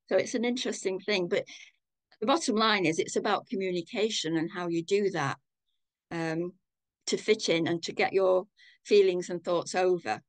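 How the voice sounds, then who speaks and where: An older woman with a Manchester accent, giving a thoughtful, measured personal account on a video call. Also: fairly low pitch, dry recording. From England. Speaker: community participant.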